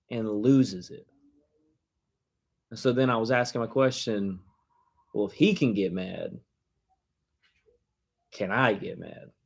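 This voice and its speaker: A man giving a casual, conversational sermon, telling a story with lots of animation, frequent chuckles and many "like" fillers. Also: medium pitch. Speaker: preacher.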